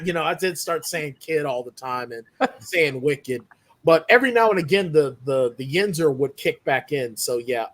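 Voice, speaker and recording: A man from Pittsburgh talks on a video-call panel with a lively, swooping pitch that sits a touch high for a man. He tells stories animatedly and laughs often. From Pittsburgh, Western Pennsylvania. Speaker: author on a panel. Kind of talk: casual panel chat.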